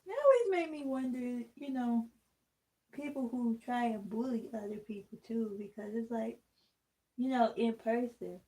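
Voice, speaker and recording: In a low-quality recording, a woman with a fairly high, warm voice talks at a moderate pace. She's casually vlogging while taking out her braids, candid and rambling, speaking straight to the camera in a distinctive voice that draws comments from people.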